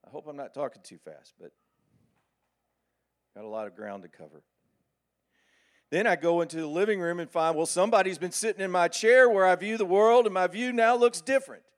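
A middle-aged man preaching a sermon with animated, folksy storytelling. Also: high-pitched, brisk, pauses often.

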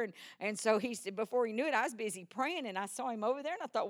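An older woman preaching a sermon full of personal stories, swinging from hushed asides to loud, animated exclamations. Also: on the high side, fast.

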